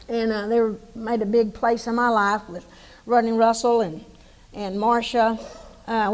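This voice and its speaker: A woman's voice: a little high, poor audio. Older East Texas woman, folksy speech. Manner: folksy storytelling with many restarts. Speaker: hall of fame inductee, former coach. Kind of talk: banquet acceptance speech.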